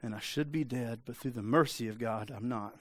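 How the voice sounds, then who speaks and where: A man's voice: mid-range voice, brisk, no echo. A man preaching a sermon in a conversational way, often asking the congregation for an amen. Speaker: pastor.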